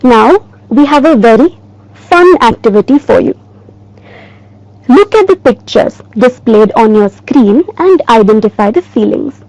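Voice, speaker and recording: A woman teacher giving a recorded lesson in a slow, clear, emphatic way. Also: on the high side, expressive, darkish tone, no echo, rough recording.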